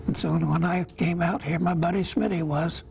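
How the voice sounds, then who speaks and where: A man in his eighties from Iowa, a war veteran telling his memories in an interview, plain-spoken and halting, with small pauses. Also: a little high, steady tone, gravelly, darkish tone, slight background noise, rough recording.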